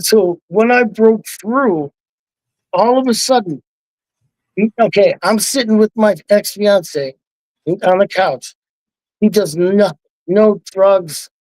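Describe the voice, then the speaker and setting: A man on a live online panel, telling a wild story in an excited, heavily profane way and acting out the quotes. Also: sits high, no echo, poor audio. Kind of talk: casual storytelling.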